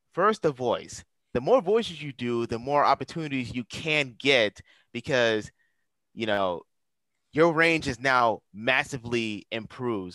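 A man's voice: medium pitch, a bit bright, no room sound, low-quality recording. A man, a guest voice actor in a casual interview, talking earnestly and giving emphatic advice.

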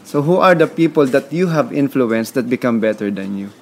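Brisk and animated at a medium pitch, a Filipino man from the Philippines talks as a podcast guest in a conversational interview. His Filipino-accented delivery is emphatic and motivational with repeated words, and there's a little hiss or hum.

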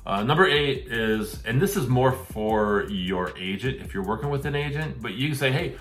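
A man's voice: mid-range voice, animated, normal speed, fairly bright tone, soft background music. A middle-aged man hosting a real estate advice show, talking casually and acting out the questions he would put to a seller. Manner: conversational, acts out questions to sellers.

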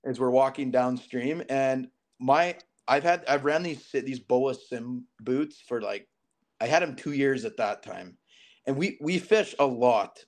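A man in his thirties from southern Alberta, Canada, speaks in a mid-range voice at a measured pace. He's a guest on a podcast, telling a story casually and with animation, acting out the quoted dialogue.

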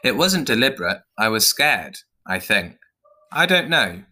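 A man's voice: on the low side, sing-song, unhurried, bright, forceful tone, full character voice. A man voicing a nervous, hesitant male mouse who whines and stumbles over his reasons. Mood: whiny. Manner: whining, hesitant. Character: anxious, whiny male mouse.

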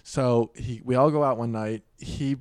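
A young man in his twenties telling wild party stories in casual chat, swearing a lot and acting out quotes loudly. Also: medium pitch, steady tone, unhurried, clean tone, no room sound, studio quality.

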